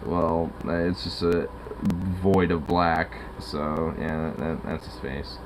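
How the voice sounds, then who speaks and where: A man talking casually to his pet, cooing and doting with drawn-out murmurs. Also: a bass voice, fairly even intonation, slight background noise, rough recording.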